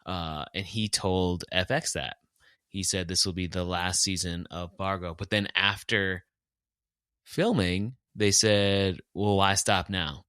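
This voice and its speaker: A podcast co-host with a low, steady, fairly bright voice chats slowly, casually, and enthusiastically, rambling as he goes. The sound is clean studio audio with no room sound.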